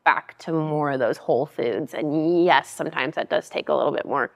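Woman dietitian guest, low-ish voice, easygoing explainer, reverberant room. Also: moderate pace, gravelly. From Alaska. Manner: chatty, laughs easily, explains plainly. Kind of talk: casual interview chat.

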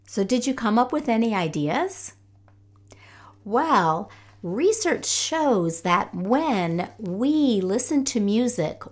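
A woman, a parent educator, gently teaching young children about music in a sing-song manner. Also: medium pitch. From Missouri. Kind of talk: children's music lesson with singing.

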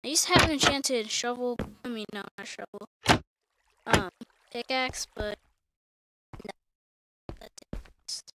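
A woman's voice: a little high, a little slow, long pauses, noisy background. A woman giving casual, rambling commentary while playing a video game, often correcting herself and talking to viewers. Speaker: gamer.

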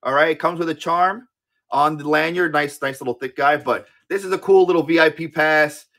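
A man in his thirties hosting a live-auction stream in casual chat, excitable, swearing freely and often repeating his words. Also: on the high side, moderate pace. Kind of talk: casual livestream sales chat.

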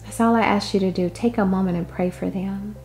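A woman delivering a prophetic word in an impassioned way, moving between loud declarations and hushed asides. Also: mid-range voice, fairly even intonation, a little fast, soft background music. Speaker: prophetic minister.

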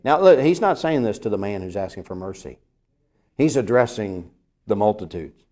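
A man preaching a sermon lesson, earnest and emphatic, asking his listeners rhetorical questions and swinging between loud peaks and quiet lines. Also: lowish voice, animated, moderate pace. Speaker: pastor.

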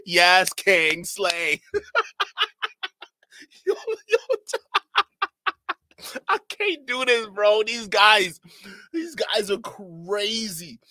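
Man, streamer, reaction commentary, high pitch, slangy, laughing constantly, dry close mic. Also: big pitch swings, extremely slow, pauses often, pushed and bright, no echo.

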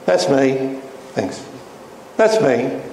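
A man's voice: medium pitch, sing-song, very slow, darkish tone. A man preaching a sermon with emphatic delivery and frequent rhetorical questions. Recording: echoey hall with faint noise.

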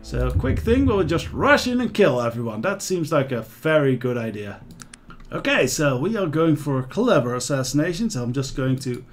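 A man's voice: mid-range voice, moderate pace, soft background music. A man hosting a video game playthrough, rambling commentary with many fillers. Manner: rambling, animated, lots of fillers. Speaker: let's play host.

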